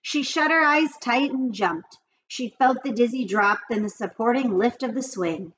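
A woman reading a children's book aloud in an expressive storytelling manner. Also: a little high, normal speed, muffled recording. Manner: lively, expressive reading with character voices.

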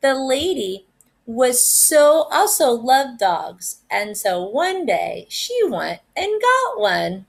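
A first grade teacher, a woman, reading a picture book aloud in an animated, expressive way. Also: fairly high pitch, slow pace, gravelly.

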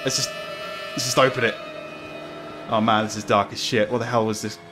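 A man's voice: on the low side, level tone, a little fast, over music. A man commentating a horror game as he plays, jumpy, swearing, laughing nervously. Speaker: gamer playing a horror game. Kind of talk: let's play commentary.

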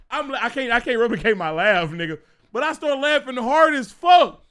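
A young man with a Texas accent telling a casual story as a streamer, laughing often and dropping into a deep voice to quote other people. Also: sing-song, brisk, bright, forceful tone. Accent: Houston, Texas.

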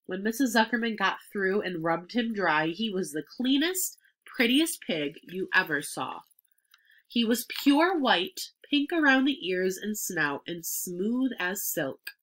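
A woman reading a children's book aloud expressively, now and then stopping to explain a word. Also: mid-range voice. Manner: expressive, pauses to explain words. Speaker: reader.

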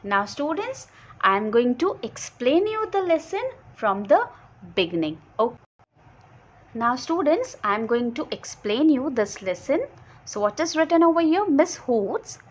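A woman's voice: sits high, sing-song. A woman primary school teacher, giving a lesson, asking questions and answering them herself. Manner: explains slowly, asks and answers own questions. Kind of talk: online class lesson.

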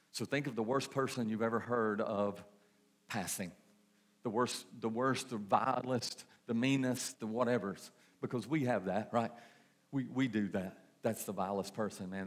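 A man preaching a sermon, repeating phrases and asking the congregation questions. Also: lowish voice. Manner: preaching with repetition and rhetorical questions. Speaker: pastor.

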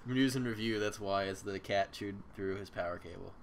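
A man's voice: on the low side, fairly quick, vocal fry. A young man co-hosting a gaming podcast, nose stuffed up, making sarcastic quips. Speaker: podcast co-host. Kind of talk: casual gaming chat.

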